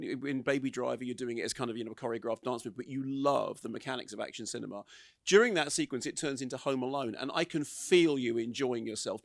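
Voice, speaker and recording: A man's voice: medium pitch, creaky, no echo, studio quality. An English man, a film critic, hosting a cinema Q&A and eagerly prompting his guest with questions. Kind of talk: Q&A interviewing. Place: cinema Q&A on stage.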